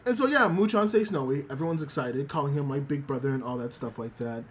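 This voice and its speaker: A man's voice: medium pitch, fast talker, slight background noise. A man streaming as a VTuber, chatting casually and rambling, often repeating himself and swearing freely. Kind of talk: casual livestream chat.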